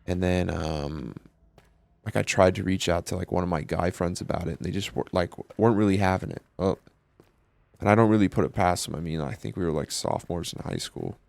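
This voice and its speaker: A man's voice: low voice, a little fast, creaky, a little mellow, dry recording. A young man speaking candidly in a casual personal monologue, swearing and using lots of fillers. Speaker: vlogger.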